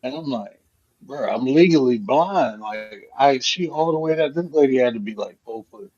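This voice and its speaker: A man's voice: mid-range voice, moderate pace, breathy edge. Man telling a story, lo-fi audio. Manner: animated, profane storytelling. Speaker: host. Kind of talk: casual storytelling chat. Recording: dull lo-fi stream audio.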